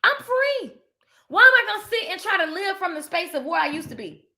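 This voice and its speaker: A woman hosting a casual faith-based motivational talk, animated and preachy, calling her viewers "baby" and "honey.". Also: extremely high pitch, fairly quick. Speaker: host of a live motivational stream.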